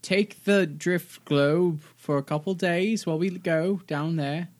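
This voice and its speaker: A woman's voice: fairly low pitch, slow, darkish tone. A woman playing a tabletop game, chatting in an upbeat, coaxing way. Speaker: player. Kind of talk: casual tabletop game chat.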